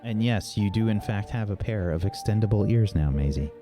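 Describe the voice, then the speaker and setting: Lively, hesitant game master man. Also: on the low side, a little fast. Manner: relaxed, hesitant, with fillers. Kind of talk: narrating a tabletop game. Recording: faint music in background.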